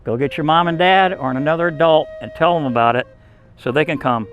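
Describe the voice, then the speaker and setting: A man telling a folk tale to a group of children, animated and emphatic. His voice sits somewhat high for a man, and he counts and repeats words for effect. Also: a little fast, highs cut off. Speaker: storyteller.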